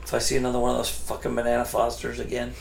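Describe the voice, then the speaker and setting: A man playing in a tabletop podcast, joking and chatting in an animated way. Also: medium pitch, rapid-fire, creaky, slight background noise. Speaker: player. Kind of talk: casual podcast chat. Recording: roomy with faint ambience.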